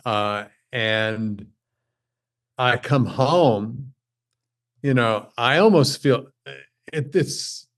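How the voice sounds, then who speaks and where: Medium in pitch, this male podcast guest talks casually in a halting, self-deprecating manner, frequently repeating his words.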